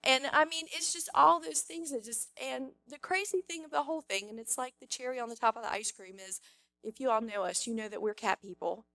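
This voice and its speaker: A woman giving a rambling, excited testimony in church, full of fillers and restarts. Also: sits high, brisk, dry recording. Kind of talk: spontaneous testimony.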